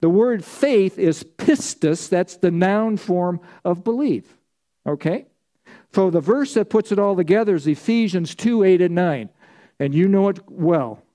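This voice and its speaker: A man's voice: high-pitched, expressive, a little slow, mellow. A man preaching a sermon as pastor, emphatic, stacking repeated phrases and prompting the congregation to answer.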